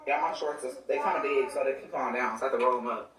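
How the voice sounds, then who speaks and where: A woman's voice: a bass voice, fast talker, loud music behind the voice. A woman ranting on a livestream, venting with irritation and breaking off now and then to talk to people beside her. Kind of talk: livestream rant. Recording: echoey room voice from a distance.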